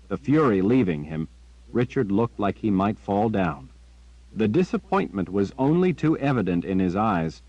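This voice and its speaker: A man narrating an audiobook in a steady, measured storytelling manner. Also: on the low side, dry recording. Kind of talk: scripted narration. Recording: dry, dull lo-fi.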